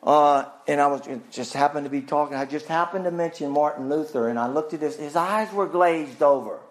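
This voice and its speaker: A male pastor preaching a sermon emphatically, asking rhetorical questions and swinging his pitch widely. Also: brisk.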